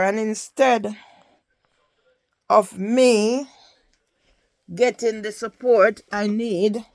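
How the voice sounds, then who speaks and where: A woman's voice: medium pitch, steady tone, drawn-out words, pauses often. An older woman with a Jamaican accent, giving an impassioned personal testimony and often asking the listener "Yeah?". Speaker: campaigner telling her story.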